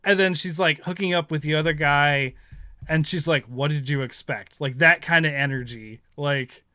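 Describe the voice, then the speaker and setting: A man's voice: on the high side, moderate pace, pushed and bright, clear, resonant tone, dry recording, clean studio sound. A man in his thirties hosting a casual chat, rambling through stories, laughing often and acting out what others said. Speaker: podcast host.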